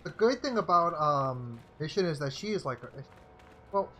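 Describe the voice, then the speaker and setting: A man's voice: fairly high pitch, lively intonation, normal speed, pushed and bright. A man giving casual commentary on a live game playthrough, rambling with fillers and restarts. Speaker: gameplay streamer.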